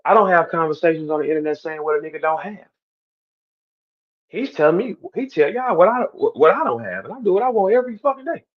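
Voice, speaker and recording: A man speaking to his stream audience in a heated, animated monologue, repeating himself and swinging between loud outbursts and quiet asides. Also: fairly high pitch, fast talker, narrow, tinny audio. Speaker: battle rapper on a stream.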